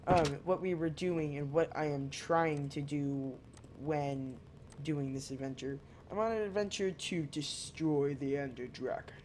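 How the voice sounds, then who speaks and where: A male gamer talks through his play slowly and loosely, drifting between jokes, asides to his viewers and remarks to his cat. His speech is drawn out and unhurried, and faint noise sits under the voice. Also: fairly high pitch, darkish tone. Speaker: gaming channel host. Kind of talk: casual gameplay commentary.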